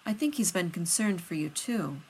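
A calm, perceptive woman with a measured, formal way of speaking, voiced by a woman reader. She sounds composed and precise in a storybook reading, with a lowish voice. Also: slight background noise, lightly acted.

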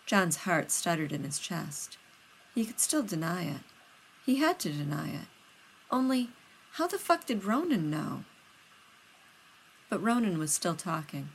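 Low-voiced woman reading a story. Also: expressive, unhurried, slight background noise, low-quality recording. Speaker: reader. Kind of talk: audiobook narration of fiction.

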